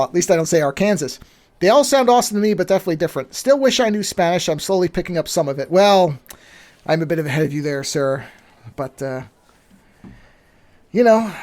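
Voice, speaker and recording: A man's voice: a little high, a little mellow. A man from the Southern United States co-hosting a casual podcast, chatting and reading listener mail aloud over a remote call. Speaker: podcast co-host.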